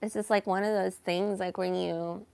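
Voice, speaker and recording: A woman telling a personal story in a casual vlog, slow and hesitant, with many fillers and some self-reproach. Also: mid-range voice, fairly even intonation, creaky, darkish tone, clear, resonant tone, dry recording. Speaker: vlogger.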